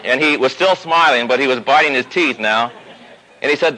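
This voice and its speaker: A man preaching a sermon, telling a personal story with growing animation and pausing slowly on key points. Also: bright, forceful tone, poor audio. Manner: storytelling, rising pitch as the story builds. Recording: old radio broadcast recording.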